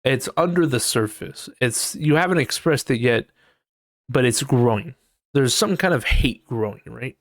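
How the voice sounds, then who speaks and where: A man's voice: medium pitch, expressive, a little slow, dry recording, studio quality. A man hosting a casual solo podcast. He thinks aloud while reading, swears freely, and acts out quoted people in exaggerated voices. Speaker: podcast host.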